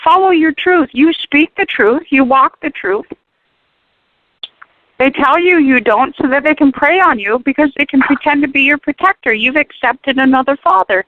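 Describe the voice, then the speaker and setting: High-voiced woman, fervent radio guest, preachy and emphatic, dry tinny phone sound. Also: expressive, moderate pace, no echo. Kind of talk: animated talk radio discussion.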